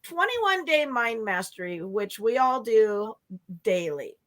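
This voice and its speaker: A woman co-hosting a live stream, with a bright, sharp tone and a somewhat high voice. She chats casually, laughs easily and reads out viewers' comments. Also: very animated, slow pace.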